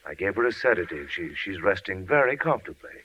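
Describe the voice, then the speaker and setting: A calm, reassuring doctor in an old radio play, his voice lowish yet lively in its rise and fall as he coaxes and soothes. The sound is muffled like a dated broadcast. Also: fast, a little hiss or hum, exaggerated voice. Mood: soothing. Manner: soothing, reassuring, later shaken. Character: calm middle-aged family doctor and friend. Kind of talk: 1940s radio acting.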